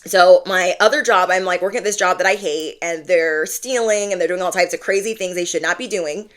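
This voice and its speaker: A woman's voice: fairly low pitch, a little fast. A young woman telling a story in a casual vlog. She is blunt and slangy and acts out the voices of the people she quotes. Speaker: spiritual content creator.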